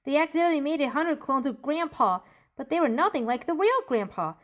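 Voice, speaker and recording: A woman's voice: high voice, expressive, brisk. A woman voicing a cheerful, bookish preteen girl in a journal-style character monologue, bubbly and giggly as she tells jokes. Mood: bubbly chatter. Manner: bubbly, giggly joke-telling.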